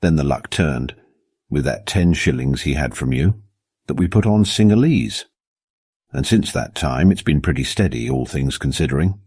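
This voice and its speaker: A man's voice: a bass voice, lively intonation, moderate pace, darkish tone, slightly rough, no room sound, clean studio sound, exaggerated voice. A man voicing a respectful, earnest middle-aged servant who keeps calling his listener sir in a storybook reading. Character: deferential middle-aged male groom, secretive.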